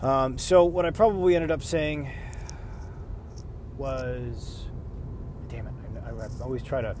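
A man talks casually from inside a car about refereeing, rambling along and correcting himself mid-sentence. His voice sits at an ordinary middle pitch, and faint traffic and street noise hums behind him. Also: steady tone, a little slow. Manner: rambling, self-correcting, acts out players' shouts. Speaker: rugby referee. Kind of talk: casual vlog talk.

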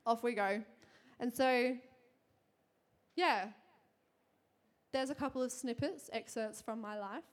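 A woman's voice: on the high side, slow, long pauses. A young woman telling casual faith stories, chatty, laughing often and full of fillers. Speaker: Christian speaker sharing testimony. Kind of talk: casual storytelling.

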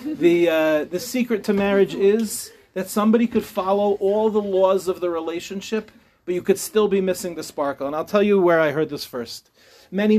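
A man's voice: on the high side, a little mellow. A middle-aged man, a rabbi, teaching a humorous live class with chatty storytelling, jokes and restarts.

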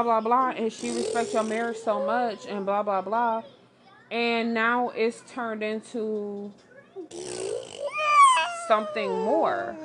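A woman, giving blunt, animated relationship advice in casual commentary, talking straight to the listener. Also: fairly high pitch, background noise.

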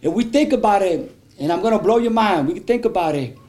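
A man preaches a sermon with fervour, his voice sitting unusually high. He leans on call-and-response, tossing out amens for the congregation to answer. Every so often he slides into speaking in tongues. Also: expressive, quick pace, darkish tone, faint music behind. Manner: fervent, breaks into speaking in tongues. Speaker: pastor.

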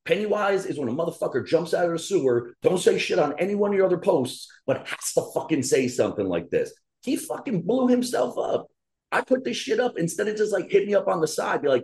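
A man on a casual podcast, ranting hard and swearing freely. His voice sits a little high and swings widely in pitch as he gets worked up. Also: quick pace. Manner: profane, animated ranting. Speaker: podcast co-host.

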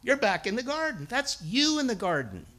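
A middle-aged man preaching a sermon with a bright, forceful tone. His pitch swings widely as he tells stories, acts out other people's voices and rises to emphatic high points. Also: sing-song, normal speed. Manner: storytelling, acts out voices, builds to emphatic peaks. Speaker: guest preacher and schoolteacher.

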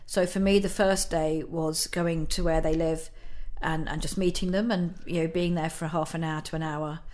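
A woman's voice: sits low, fairly even intonation, moderate pace, a little mellow, a little hiss or hum. A middle-aged woman, a guest in an interview, telling a personal story in a chatty way, laughing often and using many fillers.

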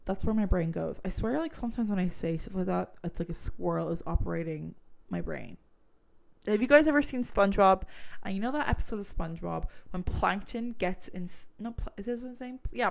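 A woman's voice: medium pitch, vocal fry. A woman casually retelling a true crime case, chatty and full of fillers, swearing when she gets worked up.

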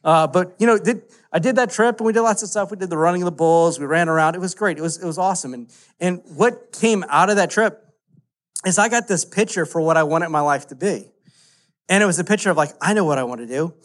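A man, preaching a casual, animated story-driven sermon full of "like" fillers. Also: high voice, fast. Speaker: pastor.

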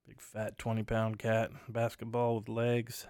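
Hosting his podcast alone at home at night, a man tells rambling, filler-heavy stories at a moderate pace with few pauses. His medium-pitched voice is darkish with little pitch movement, recorded at studio quality without echo.

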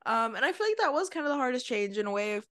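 A young woman co-hosting a podcast, talking candidly and rambling, with a dark sense of humor. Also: sits high, sing-song, very fast. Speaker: podcast co-host. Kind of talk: casual chat.

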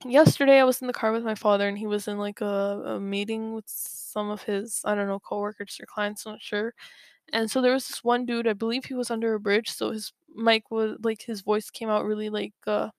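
Her voice is mid-range and flat, fairly quick, with no room sound, as this young woman tells casual stories to the camera. She rambles, laughs often, and corrects herself, and the mic she's using gets knocked now and then.

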